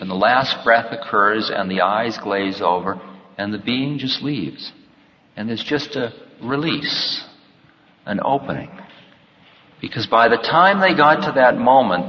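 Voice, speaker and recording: A man giving an unhurried, reflective spiritual talk, with playful acted-out bits of dialogue, in a lo-fi recording. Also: medium pitch. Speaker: spiritual teacher. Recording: lo-fi recording in an echoey hall.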